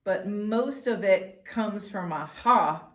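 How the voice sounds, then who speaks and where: A woman's voice: mid-range voice, takes it slowly. A woman flute teacher explaining technique in a patient, instructional way. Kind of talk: instructional demonstration. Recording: echoey room with faint noise.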